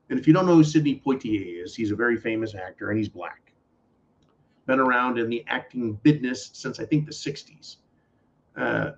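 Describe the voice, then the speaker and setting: A political talk show host with a mid-range voice and vocal fry rants bluntly, swearing and mocking as he goes. His commentary comes across as angry and profane, captured on dull lo-fi audio.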